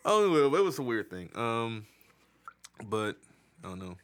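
A man's voice: medium pitch, sing-song, a little slow. A man chatting casually, swearing a lot and telling laughing stories, often breaking into mimicked voices for the joke. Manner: crude, laughing storyteller, mimics voices for jokes. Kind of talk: casual chat.

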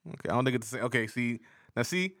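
A man's voice: medium pitch, racing, dry recording. Laid back guy from charleston rambling thru a story on a podcast, dead dry close sound. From Charleston, South Carolina. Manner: relaxed, rambling storyteller with restarts. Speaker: podcast co-host. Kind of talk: casual chat.

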